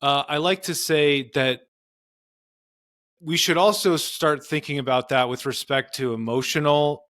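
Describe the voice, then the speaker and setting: A man's voice: a little high, steady tone, a little slow, fairly bright tone, no room sound, studio quality. A man, a marriage and family therapist, explaining in earnest conversational interview advice with frequent fillers. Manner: earnest, explanatory, many "you know" fillers.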